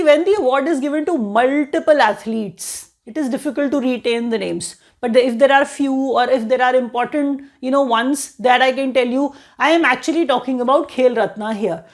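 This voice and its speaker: A woman with an Indian English accent teaching an exam-prep current affairs lesson in a chatty way, often saying "you know". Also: high-pitched.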